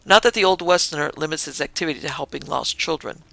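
A male podcast host reads a ghost story in measured, dramatic narration. His voice is gravelly, with a fry at the ends of phrases. The sound is dry and close. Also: a little high, pushed and bright, dry recording. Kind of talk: scripted narration.

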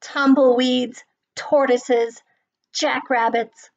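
A woman reading aloud voices a grumpy male cactus who yells at everyone to keep away. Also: high voice, steady tone, drawn-out words, vocal fry, distant mic, exaggerated voice. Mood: grumpy, yelling. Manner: cranky shouting. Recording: dull lo-fi recording.

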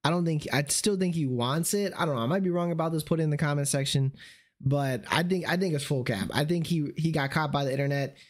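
A man's voice: fairly high pitch, fast. A man chatting casually on a live stream, slangy and repetitive, saying he is losing his voice. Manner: slangy, repeats "you see what I'm saying".

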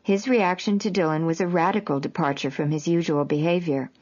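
A woman with a very low voice narrates her memoir in a measured, even way. The audio is dull and lo-fi, with little top end.

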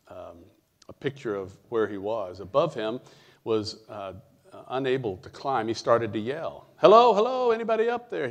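Middle-aged male pastor, sermon, low voice, storytelling, chatty pauses. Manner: storytelling, conversational with fillers and dramatic pauses.

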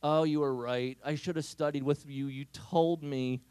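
A man's voice: on the high side, steady tone, moderate pace, darkish tone, smooth, dry recording, lightly acted. A man voicing a young female nursing student who regrets partying before a test, in a whiny, self-reproaching ramble. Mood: regretful.

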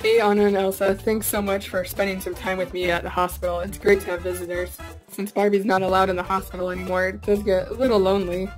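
Woman doing bedridden young man, mild complaints, mid pitch; light music under. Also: level tone, fast talker, close to an everyday voice, low-quality recording. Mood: friendly. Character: injured young man in hospital bed. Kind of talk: toy play voice acting.

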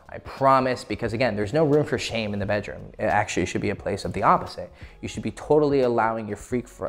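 A man coaching in a loose, crude, casual way, swearing freely and breaking into laughter. His pitch sits in the ordinary middle range for a man. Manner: crude, profane, laughs often. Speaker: dating coach. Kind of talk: casual instructional talk.

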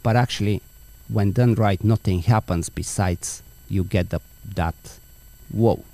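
Unhurried and warm, a lowish male voice leads a podcast interview with a conversational feel. The host, who trains dogs, earnestly illustrates his ideas with everyday analogies.

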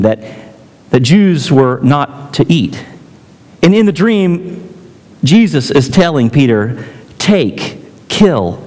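A man preaching a sermon as pastor, telling stories and acting out quotes with emphatic pauses. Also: medium pitch, darkish tone. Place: church sanctuary. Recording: church hall reverb.

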